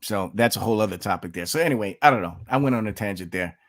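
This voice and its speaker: A man's voice: lowish voice, expressive, rapid-fire. A man from the United States giving emphatic political commentary on his vlog, repeating himself and addressing viewers as folks.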